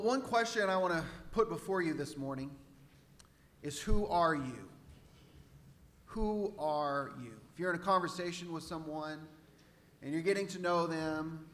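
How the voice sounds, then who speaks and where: Texan preacher guy, kinda high bright voice, chatty sermon, long echo in the church hall. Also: normal speed. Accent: Central Texas. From Central Texas. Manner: conversational preaching, repeats rhetorical questions. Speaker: pastor. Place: church sanctuary.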